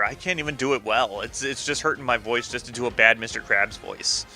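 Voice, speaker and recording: A man's voice: mid-range voice, a little fast, few pauses, pushed and bright, faint music behind. A young man casually commenting on a game he is playing, joking and rambling with lots of fillers. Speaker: let's play host.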